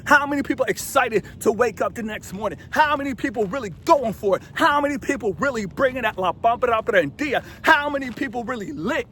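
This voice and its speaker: A man's voice: extremely high pitch, expressive, brisk, hardly any pauses, pushed and bright, a little hiss or hum. A man giving a casual motivational monologue to his viewers, preachy and repetitive, full of rhetorical questions, filmed outdoors in a remote desert spot. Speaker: motivational vlogger.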